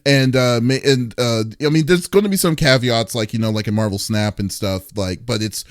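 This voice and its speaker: A man's voice: mid-range voice, normal speed, dry recording, clean studio sound. A man hosting a casual gaming podcast, rambling with lots of fillers and restarts. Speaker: podcast host.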